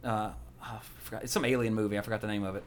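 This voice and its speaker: A man rattles through a rambling story on a podcast. He talks quickly and casually, often breaking into laughter. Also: on the low side, steady tone, slight background noise. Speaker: podcast co-host. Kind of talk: casual chat.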